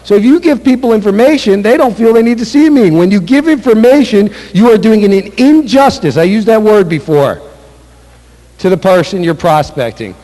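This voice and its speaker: Warm in tone yet high-pitched, this sales trainer's expressive voice moves fairly quickly through a motivational seminar. He stresses and repeats key ideas and acts out practice sales calls, and the hall around him echoes with long reverb.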